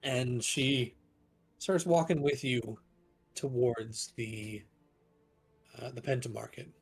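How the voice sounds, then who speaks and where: Slow gravelly man narrating a game. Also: medium pitch, soft background music. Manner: slow, halting narration with restarts. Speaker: game master.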